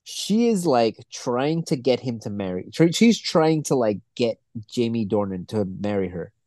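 A young man co-hosting a casual podcast chat, rambling and swearing a lot as he gets excited. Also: medium pitch, measured pace, no echo. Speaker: podcast co-host.

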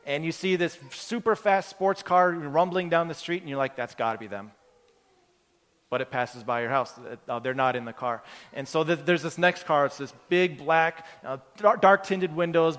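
A man's voice: fairly high pitch, a bit bright, clear, resonant tone. A man preaching a sermon as pastor, in a conversational, earnest way, building his points from everyday examples. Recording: long hall reverb.

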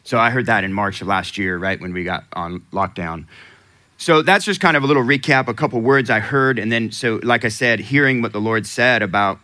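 Man, pastor, sermon, chatty, laughs a lot, low-pitched, bright forceful tone. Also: a little fast. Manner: conversational, asks the congregation questions, laughs often.

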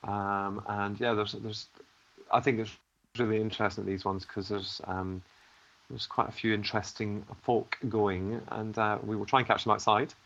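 A man's voice: on the low side, level tone, moderate pace, a bit bright, highs cut off. A man co-hosting a podcast, chatting in an easygoing, teasing way. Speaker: podcast co-host. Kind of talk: casual chat.

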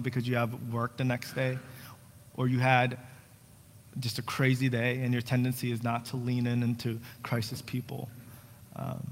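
A man's voice: mid-range voice, slight background noise. A young adult man from New Jersey preaching a sermon to his congregation, conversational and earnest, mixing joking asides with pleading calls to his church. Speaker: pastor. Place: church sanctuary. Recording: long church hall reverb.

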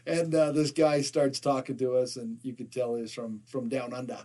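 A man's voice: mid-range voice, level tone, moderate pace, mellow. A man from Utah co-hosting a podcast in casual chat, joking, laughing often and stammering through restarts. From Utah, USA. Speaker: podcast co-host.

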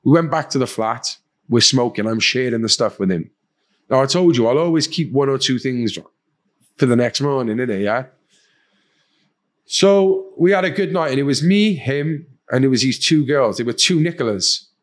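Man, podcast guest, blunt storytelling, lots of swearing, middle pitch. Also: animated, moderate pace. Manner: blunt and heavily profane, acts out quoted voices. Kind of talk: candid personal storytelling.

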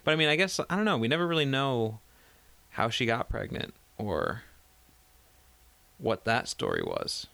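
A man's voice: medium pitch, sing-song, normal speed, gravelly, pauses often, bright, forceful tone, no echo. A man co-hosting a casual podcast chat about a film, talking hesitantly and often trailing off. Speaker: podcast co-host discussing a film.

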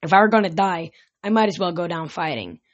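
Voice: mid-range voice, fairly quick, dry recording, dull audio. An amateur reader casually reading a novel aloud, often tripping over words and correcting them. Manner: stumbles and corrects words mid-sentence.

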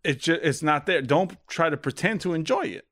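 A man's voice: on the high side, expressive, fairly quick, fairly bright tone, no echo, clean studio sound. A man co-hosting a podcast, teasing and joking in casual chat. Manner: playful, teasing. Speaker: podcast co-host.

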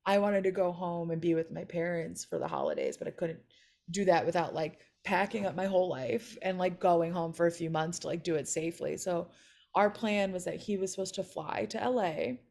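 A woman's voice: lowish voice, animated, a little fast, darkish tone. A woman, a comedian and podcast guest, chatting at home and telling a personal story candidly, with lots of "like" fillers. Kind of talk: casual chat, personal storytelling. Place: at home with her cat.

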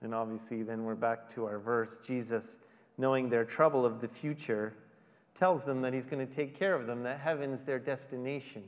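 A middle-aged male pastor preaching a conversational sermon in a church, with dramatic pauses. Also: medium pitch, steady tone. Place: large church hall. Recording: dull audio with long hall reverb.

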